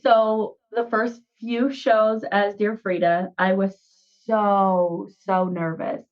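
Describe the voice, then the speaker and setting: A woman of medium pitch talks on a podcast and jumps in to round out stories, laughing along. The recording is a bit muffled and lo-fi. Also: level tone, takes it slowly. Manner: chimes in, finishes stories, laughs often. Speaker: guest musician. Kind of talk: casual podcast chat.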